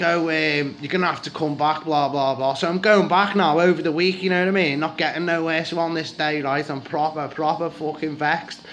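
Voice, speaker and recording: A man's voice: a little high, fairly bright tone. A man in his forties with a Scouse accent, telling a rambling, heated story from his own life in a casual vlog, swearing freely and often. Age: 40s.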